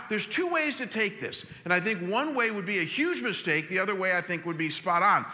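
Animated preacher in a reverberant hall. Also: male voice, sits high. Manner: animated preaching, addresses congregation directly. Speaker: pastor. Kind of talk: sermon.

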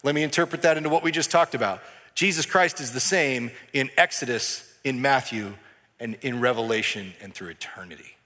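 A man's voice: mid-range voice, brisk, bright, forceful tone. A male pastor preaching a sermon in a loose, conversational way, acting out bits of dialogue as he goes. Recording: echoey hall with long reverb.

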